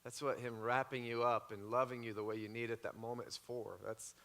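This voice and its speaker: A man's voice: medium pitch, level tone, a little fast, pushed and bright. A man pastor at a church Q&A, joking and upbeat, then earnest as he speaks of faith. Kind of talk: church Q&A talk. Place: church hall.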